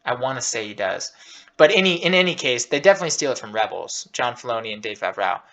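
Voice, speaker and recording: A man's voice: mid-range voice, expressive, fast, vocal fry, sharp tone. A man hosting a scene-by-scene breakdown, talking casually and enthusiastically over clips, emotional and rambling with restarts. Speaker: host reviewing a show scene by scene.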